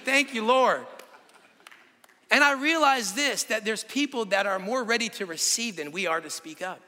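A man's voice: sits high, in a large hall. A man preaching a sermon, telling vivid stories and asking the crowd rhetorical questions. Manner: animated storytelling with rhetorical questions.

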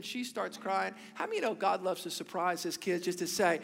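A man's voice: high voice, normal speed, vocal fry, fairly bright tone. A man preaching a sermon as pastor in a church service, with emphatic repeated phrases and rhetorical questions. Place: church sanctuary during a service. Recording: long hall reverb with faint music.

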